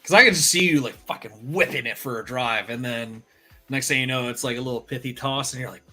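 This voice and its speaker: Lively, profane man telling stories. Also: mid-range voice, fast talker, soft background music. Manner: animated storyteller, profane, laughing. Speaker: show regular. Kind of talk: casual chat.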